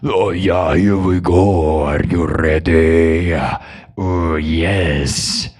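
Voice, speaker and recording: A man putting on the voice of a menacing male metal frontman, a slow, drawn-out, deep growl. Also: steady tone, darkish tone, exaggerated voice.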